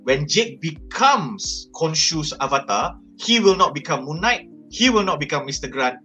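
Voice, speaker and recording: A man's voice: on the high side, moderate pace, soft background music. A man with a Malaysian accent, talking as a panelist in a casual discussion, switching languages and speaking with emphasis. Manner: code-switching, animated and emphatic.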